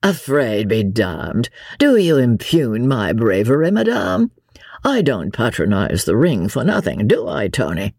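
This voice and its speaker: A woman voicing a lazy, foppish English nobleman who drawls good-humoured oaths in an audiobook. Her voice is gravelly and husky. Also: extremely low pitch, big pitch swings, a little slow, darkish tone, no echo, clean studio sound, full character voice. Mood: jovial. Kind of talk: audiobook character reading.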